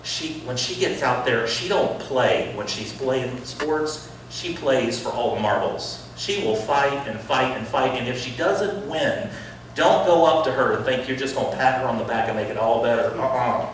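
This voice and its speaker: A middle-aged man preaching in a school chapel, acting out quoted voices and swinging from loud to hushed. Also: mid-range voice, moderate pace, a little hiss or hum. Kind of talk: sermon. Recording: echoey hall voice from far off.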